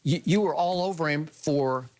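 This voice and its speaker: Older guy on a sports debate show, kinda high voice, lectures with lots of "okay, right?". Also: moderate pace, darkish tone. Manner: emphatic, lecturing, rhetorical questions.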